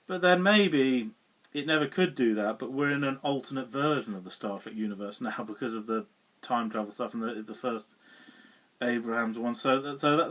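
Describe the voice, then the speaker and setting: A man with a slightly higher than usual voice talks through a film review in a loose, rambling way. He chuckles often and trips over fillers and restarts. He sits a little way back from the mic, so the sound is distant. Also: a bit bright. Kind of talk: casual spoken film review.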